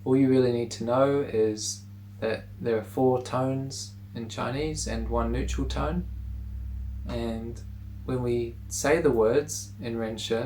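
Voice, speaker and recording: A man teaching pronunciation in a relaxed video lesson, repeating words slowly for the listener to say along. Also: medium pitch, slight background noise, rough recording.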